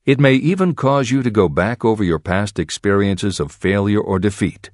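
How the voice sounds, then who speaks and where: A man reading a self-help audiobook aloud in measured, expressive storytelling. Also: lowish voice, no echo, studio quality. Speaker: audiobook narrator. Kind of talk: scripted audiobook narration.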